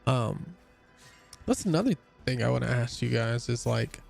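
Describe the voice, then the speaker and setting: A young man with a gravelly voice talks casually to his viewers while playing a game. He rambles with plenty of fillers and restarts, and sounds a little tired. Faint game music hums behind him. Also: mid-range voice, animated, normal speed, a little mellow. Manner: yawning, a bit tired. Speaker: gaming streamer.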